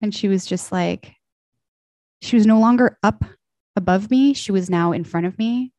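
A young woman telling a personal story in casual podcast chat, animated and acting out quoted voices. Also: mid-range voice, moderate pace, no room sound. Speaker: podcast guest.

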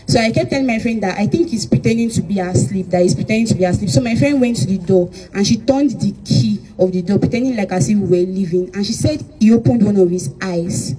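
Young woman, suspect's statement; dark mellow tone, hesitant delivery. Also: mid-range voice, rough recording. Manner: halting, full of "like" and "um". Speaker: crime suspect giving a statement. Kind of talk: recounted testimony.

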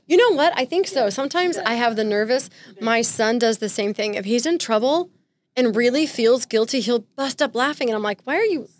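Female podcast guest, realtor, dry sarcastic wit, a little higher-pitched. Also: expressive, a little fast. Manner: playful, dry sarcastic humor. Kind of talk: casual chat.

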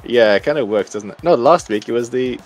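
A man playing a wrestling game, excitable, yelling move names and swinging between mutters and shouts. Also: mid-range voice, a little fast, soft background music. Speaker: gamer. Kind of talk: excitable let's-play commentary.

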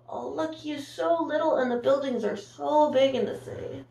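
A woman's voice: sits high, fairly even intonation, normal speed, gravelly, few pauses, echoey room, far from the mic. A woman teacher reading a picture book aloud to her class in a storytime voice, gasping and asking the children questions. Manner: warm, sing-song, gasps and asks the listeners questions.

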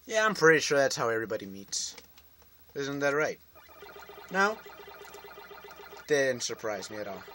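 A man's voice: fairly high pitch, sing-song, moderate pace, pauses often. A man hosting a let's-play video, rambling and joking to his viewers as he plays. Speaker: gaming video host. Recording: noisy home recording.

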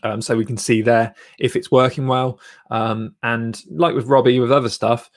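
A man's voice: mid-range voice, steady tone, moderate pace. Rambling man coaching live. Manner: rambling, filler-heavy, encouraging. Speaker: YouTube channel coach and host. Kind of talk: live-stream channel review.

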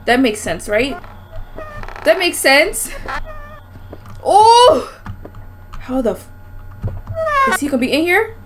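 A woman's voice: high voice, very animated, measured pace, long pauses, background noise. A young woman playing a horror game on her channel, jumpy, exclaiming and swearing a lot, with nervous giggles. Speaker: gaming video host. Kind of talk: horror game let's play commentary.

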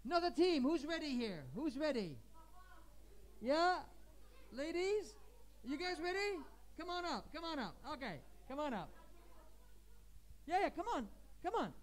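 A man from Canada, a visiting English teacher, warmly hosting a class of children and calling them up to present. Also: extremely high pitch, unhurried, pauses often. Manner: lively, encouraging, calls students up. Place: school classroom.

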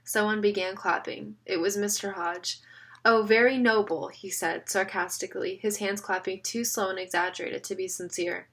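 A woman's voice: medium pitch, level tone, normal speed, hardly any pauses, fairly bright tone, breathy edge. Woman reading a story aloud. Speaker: narrator. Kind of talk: audiobook reading.

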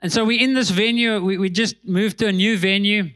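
A man, a pastor telling a story in a sermon, animated and laughing between lines. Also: brisk. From South Africa. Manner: animated, laughs between lines, drops voice low for tense moments.

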